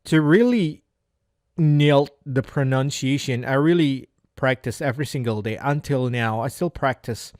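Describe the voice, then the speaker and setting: A man's voice: mid-range voice, measured pace, a little mellow, dry recording. Man, Indonesian native speaker, practicing English, hesitant, many restarts and fillers, dry close sound. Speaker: English learner. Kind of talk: casual speaking-practice monologue.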